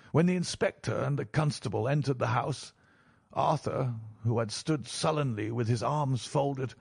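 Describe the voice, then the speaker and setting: Husky man, dry close sound, measured formal storyteller. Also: mid-range voice, no echo. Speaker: audiobook narrator. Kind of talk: first-person audiobook narration.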